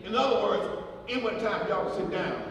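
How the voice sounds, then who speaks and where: A man, a pastor, preaching a eulogy sermon with animated storytelling and repetitions, recorded from a distance in a church sanctuary before a congregation. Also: sits high, a little fast, gravelly, noisy background. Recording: echoey church hall recorded from far off, crowd audible.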